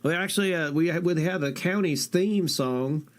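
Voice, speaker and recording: A man's voice: a little high, normal speed. Swearing, incredulous streamer man. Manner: incredulous, swears a lot, jokey. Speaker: streamer reacting to a video. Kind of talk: casual profane stream commentary.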